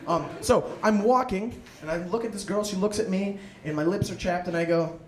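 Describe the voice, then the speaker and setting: A young man, a student, doing a self-deprecating stand-up comedy set and jumping into excited inner voices, in front of a laughing audience. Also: high voice, normal speed. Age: young adult. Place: live comedy room with audience. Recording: echoey room with background noise.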